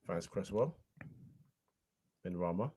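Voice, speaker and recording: Young guy doing chill football commentary, lowish voice, names every player. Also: animated, slow, very noisy. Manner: chatty play-by-play, calls players by name. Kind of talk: casual live football commentary.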